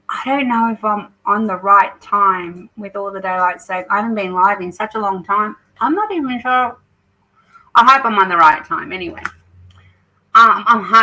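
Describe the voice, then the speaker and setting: A woman with an Australian accent and a slightly high, bright, forceful voice hosts a live craft stream, chatting and reading viewer comments aloud as the channel's host. The recording quality is low.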